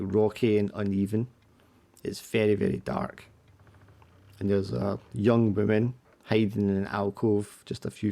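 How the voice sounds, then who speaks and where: As game master for a tabletop horror game, a man with a low, gravelly, warm voice narrates the action. His scene descriptions are loose and casual, padded with small fillers.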